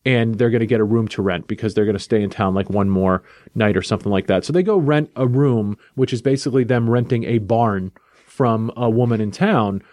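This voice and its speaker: A man hosting a casual chat, recapping a comic book plot in a lively, jokey storytelling way. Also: fairly low pitch, fairly quick, dry recording, clean studio sound. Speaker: podcast host reviewing a comic.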